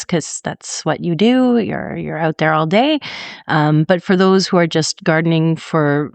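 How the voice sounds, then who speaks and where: A woman cohosts a gardening podcast, talking in a relaxed, thoughtful way with plenty of ums. Her voice sits a little low. The recording is dry. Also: clean tone, dry recording. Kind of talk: casual chat.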